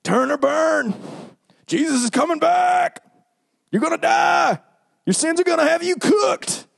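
A man voicing an angry street preacher, shouting harsh warnings. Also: very high voice, animated, measured pace, creaky, voice pushed up, heavily acted. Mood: yelling.

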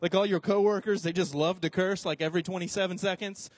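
Casting: young male preacher, high voice, close dry sound, playful storyteller who slips into comic voices. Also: fast, dry recording. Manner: animated, jokey, acts out voices in quotes. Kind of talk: casual storytelling sermon.

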